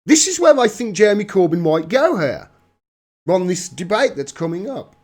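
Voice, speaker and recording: A man's voice: sits high, sing-song, moderate pace, darkish tone. Mocking man reading news aloud. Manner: mocking, laughs often, reads then riffs. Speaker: political commentary livestreamer.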